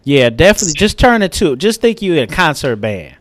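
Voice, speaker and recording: A man's voice: a little high, sing-song, quick pace. A young adult man co-hosting a podcast in easygoing, casual conversation, often checking in with the listener. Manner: easygoing, conversational, often adding "you know what I'm saying". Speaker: podcast co-host.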